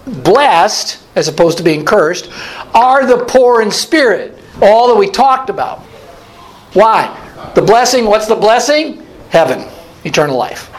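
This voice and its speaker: A man's voice: high voice, poor audio. A man teaching a Bible study as a pastor, asking his listeners questions and repeating key phrases. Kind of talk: interactive sermon.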